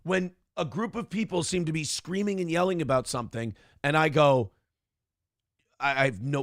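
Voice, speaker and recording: Gravelly profane man hosting a morning show. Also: fairly high pitch, normal speed, dry recording, clean studio sound. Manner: profane, animated, self-deprecating. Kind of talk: casual podcast rant and chat. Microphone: headphones and clamp-mounted desk microphone.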